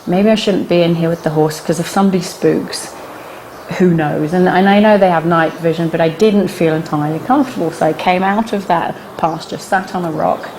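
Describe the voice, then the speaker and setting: A middle-aged woman who teaches animal communication workshops tells the group a personal anecdote, laughing a lot as a lively storyteller and leaping high in pitch at her punchlines. She is in a workshop room with a small audience, and there is slight background noise.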